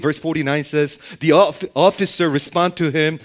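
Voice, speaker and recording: A man's voice: fairly high pitch, fairly even intonation, a little fast, hardly any pauses. Man preaching with rhetorical questions. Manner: frequent rhetorical questions with "okay?" tags. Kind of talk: sermon, Bible teaching.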